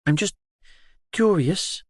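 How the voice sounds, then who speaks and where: A shy teenage girl in an audiobook, her voice pitched up and asking nervous, halting questions, as a male narrator puts her on. She speaks slowly, and the recording is close and dry. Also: animated, no room sound, full character voice. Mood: nervous, curious. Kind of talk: audiobook dialogue.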